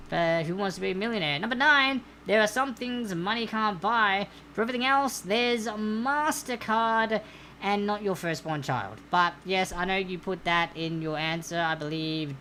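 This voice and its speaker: A woman's voice: mid-range voice, pushed and bright, a little hiss or hum. A woman hosting a live-streamed trivia night, reading out answers in a chatty, upbeat way and greeting viewers by name. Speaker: trivia host.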